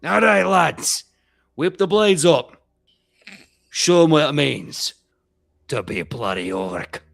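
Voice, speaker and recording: A man's voice: deep voice, moderate pace, creaky, fairly bright tone, husky, soft background music, pitched below the performer's own voice, full character voice. Old male orc chief voiced by a man, boisterous and battle-ready. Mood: rowdy. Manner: boisterous, rallying his warriors.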